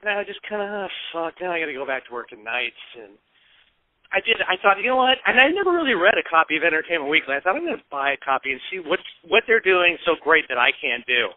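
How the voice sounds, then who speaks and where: A man's voice: high-pitched, fast, dry recording. Chatty man on a tinny, dry line. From Peoria, Illinois, US. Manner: lively anecdotes, acts out quoted voices, swears casually. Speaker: guest. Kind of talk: casual storytelling interview. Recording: tinny phone-like dry sound.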